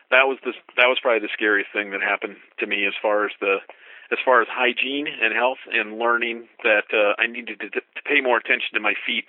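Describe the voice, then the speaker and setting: A man's voice: fairly low pitch, no room sound. Middle-aged male hiker, storyteller who voices the other people in his story, recorded down a tinny phone line. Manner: lively, acts out dialogue with rising voice for quotes. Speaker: thru-hiker guest. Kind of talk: storytelling anecdote.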